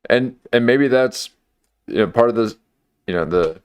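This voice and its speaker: A man's voice: mid-range voice, animated, a little slow, clean tone, dry recording. A man hosting a comedy commentary livestream, talking in a wry, rambling way with lots of fillers and restarts.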